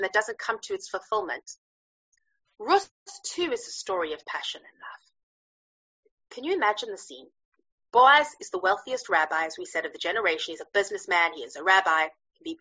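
Woman teacher, Bible lesson, animated storytelling, bright husky voice, dull lo-fi sound. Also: mid-range voice. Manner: lively, chatty, hesitant with fillers.

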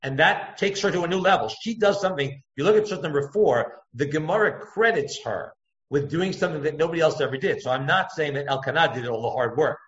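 A man giving a text-study lecture as a Torah teacher, thinking aloud, circling back to points and jumping his pitch up to act out quotes. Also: quick pace. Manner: thoughtful, digressive, acts out quotes with pitch jumps. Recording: echoey room, dull lo-fi sound.

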